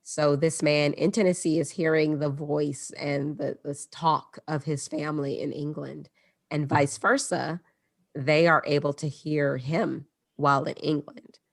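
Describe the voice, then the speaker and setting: Woman podcaster, low voice, casual storytelling, dry close sound. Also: level tone, measured pace, gravelly, dry recording. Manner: conversational, mixes read passages with asides. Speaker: podcast host.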